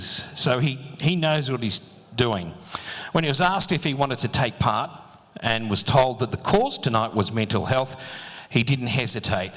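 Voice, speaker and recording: A man's voice: medium pitch, a bit bright. A man hosting a live event as emcee on a handheld mic, chatty and joking with the performers and audience. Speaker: master of ceremonies. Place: large function hall with audience. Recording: long hall reverb, faint crowd.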